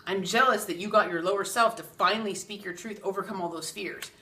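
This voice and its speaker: A woman voicing an excitable, jealous girlfriend in a high, gushing voice, in an echoey room a bit away from the mic. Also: a little fast, distant mic, slight background noise.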